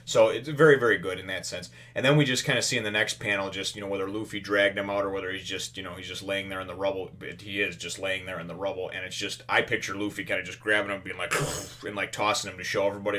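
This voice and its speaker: A man with a somewhat low voice hosts a casual manga chapter review. He rambles through the plot with plenty of "uh" and "you know". Now and then he playfully acts out the characters' lines. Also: sharp tone. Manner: rambling, filler-heavy retelling with playful voiced-out character quotes.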